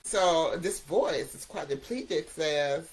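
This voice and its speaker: A woman's voice: low-pitched, expressive, slow pace, husky, poor audio. Emphatic woman giving a recovery talk. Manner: emphatic, repetitive, conversational. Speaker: recovery coach host.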